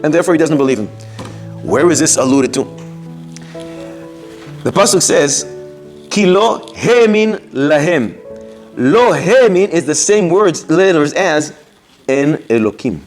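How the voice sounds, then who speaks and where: A rabbi delivers a Torah lesson, reading out Hebrew verses and unpacking them. His voice is high-pitched and swings widely. Soft music plays faintly behind him. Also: measured pace, long pauses. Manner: animated, quoting Hebrew verses and explaining them. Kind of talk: Torah lecture on scripture.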